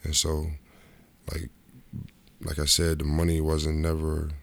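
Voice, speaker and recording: Middle-aged guy, ex hoops player, real low voice w some fry, rambles and restarts telling old stories. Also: a little slow. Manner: rambling, repeats and restarts, lively quoted asides. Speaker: former pro basketball player, interview guest. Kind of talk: casual storytelling interview.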